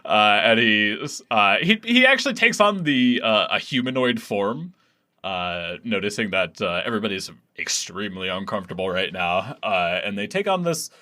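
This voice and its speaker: A man running a tabletop game, narrating loosely with plenty of fillers. His voice is bright and swings lively in pitch. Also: moderate pace. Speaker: game master.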